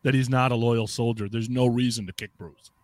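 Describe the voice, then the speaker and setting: A man co-hosting a podcast in casual chat, joking and quick to laugh. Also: medium pitch, fairly even intonation, no echo. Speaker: podcast co-host.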